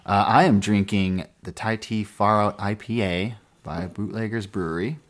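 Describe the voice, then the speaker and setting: A man with a very deep voice co-hosting a casual podcast. The sound is dry and close. He talks in a laid-back, teasing way. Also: fairly even intonation, moderate pace, no echo. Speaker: podcast co-host. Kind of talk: casual chat.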